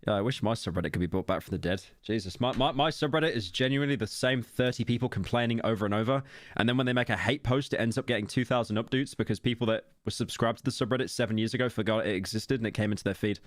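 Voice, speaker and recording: A young British man reads internet posts aloud on a stream and mocks them with dry, wry asides. His voice sits at an ordinary pitch for a man. The sound is close and dry, with no room echo. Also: fast talker. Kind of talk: casual reaction commentary.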